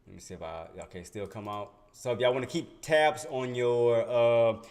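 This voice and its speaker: A man hosting a live trading stream, talking straight to his viewers in loose slang. He laughs often and keeps it casual, in a middle-pitched voice. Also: normal speed, a little mellow, clean tone.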